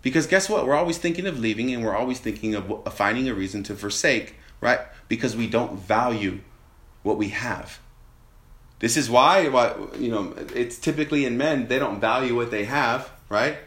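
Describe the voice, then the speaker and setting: Guy giving a lively sermon, acts out little quotes, roomy echo, middle pitch. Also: normal speed. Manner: animated, acts out quoted voices, rhetorical questions. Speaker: preacher.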